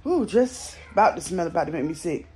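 Her voice is fairly low and darkish, expressive and fairly quick, with a little hiss or hum on the recording. She's a young Southern American vlogger filming herself in bed at home on a phone, chatting candidly with viewers and cursing freely.

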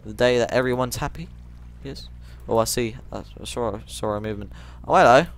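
A man giving rambling let's play commentary, jumpy and quick to shriek when startled. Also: medium pitch, creaky, slight background noise.

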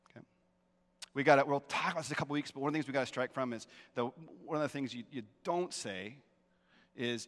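A middle-aged man preaching a sermon in a church sanctuary, his voice set at an ordinary pitch for a man. He speaks emphatically, repeats his key phrases and keeps checking in with the listeners. A long hall reverb trails after his words. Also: quick pace, fairly bright tone. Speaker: pastor.

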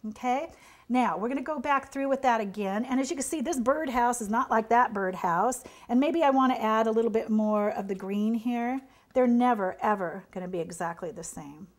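A woman's voice: a little high, normal speed. A middle-aged woman, a pastry chef, chatting through a cake painting demonstration in an encouraging way. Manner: chatty, encouraging, drops to a near whisper while working. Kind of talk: demonstration tutorial.

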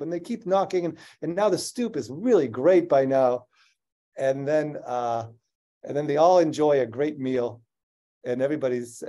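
A male scientist in a conversational interview, telling an animated story and laughing often. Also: mid-range voice. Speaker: scientist guest.

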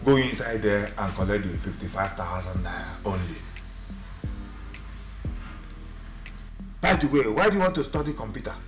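An actor playing a suspicious, stingy older brother who runs a shop, speaking with a Nigerian accent in a fussy, scolding way. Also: male voice, lowish voice, expressive, fast talker, echoey room, soft background music, natural voice. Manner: fussy, scolding, repeats himself. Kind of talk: Nollywood film drama.

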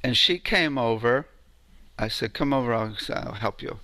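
A man's voice: mid-range voice, moderate pace, sharp tone, dry recording. A man giving an informal lecture on sound healing, telling stories in a conversational way and often asking "right?".

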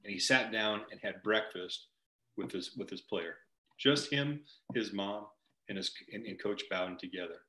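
A man's voice: fairly low pitch, moderate pace, bright, forceful tone. A man hosting a ministry huddle over a video call from home, leading a prayer and telling a story earnestly, often repeating and restarting phrases. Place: home, virtual meeting. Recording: echoey room.

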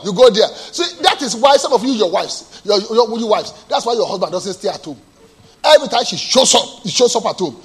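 A male pastor preaching a sermon, asking the congregation to answer and moving between quiet storytelling and loud bursts. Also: expressive, a little fast, husky. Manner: call-and-response preaching, asks the congregation to answer; drops to a low soft storytelling voice, then bursts out loud.

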